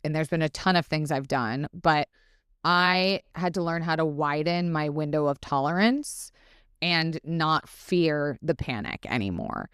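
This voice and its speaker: A woman's voice: low-pitched, a little slow, a bit bright, smooth, no room sound, clean studio sound. A woman guest on a podcast, talking frankly and expressively, swearing freely and acting out her inner dialogue. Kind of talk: casual interview chat.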